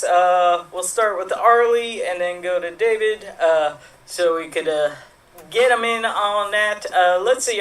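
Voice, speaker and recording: Slow-talking improv host on a call. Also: mid-range voice, fairly bright tone, recorded from a distance. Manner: upbeat, chatty, laughs easily. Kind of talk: hosting a live-streamed improv game.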